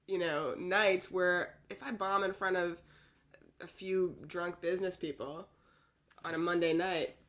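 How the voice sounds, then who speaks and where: A woman's voice: fairly low pitch, fairly even intonation, a bit bright. A woman in her thirties with a Canadian accent, a comedian guest chatting playfully in an interview. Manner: playful, quick jokes and goofy voices. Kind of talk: casual interview chat.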